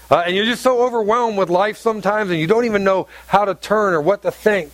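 High-voiced man preaching emphatically. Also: a little fast, few pauses, a bit bright, no echo. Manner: emphatic, repeats phrases and asks the congregation questions. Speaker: pastor. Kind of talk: sermon. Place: church hall with congregation.

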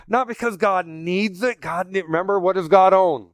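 A man preaching a sermon in a casual, animated way, acting out quoted voices as he goes. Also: high-pitched, normal speed, few pauses, clean tone, no echo, clean studio sound. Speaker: pastor.

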